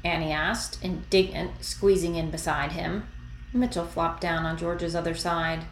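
A woman reading a story aloud in a soft, even narrating voice. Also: lowish voice, moderate pace, slight background noise. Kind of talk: fan fiction read aloud. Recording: echoey room.

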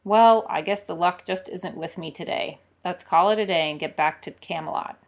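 A woman's voice: fairly low pitch, normal speed, close to an everyday voice. A woman voicing a brash, impatient young king in an audio story reading. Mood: breezy.

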